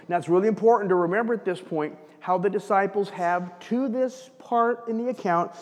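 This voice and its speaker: Conversational pastor in a reverberant hall. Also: male voice, a little high, a little mellow. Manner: conversational, asks "right?" often. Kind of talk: sermon. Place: church sanctuary.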